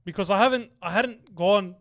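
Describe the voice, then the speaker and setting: A young man swaps teasing jokes with his co-host in a relaxed podcast chat. His voice sits fairly high for a man, and he tells his own stories in a loose, casual way. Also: normal speed. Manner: teasing, joking banter.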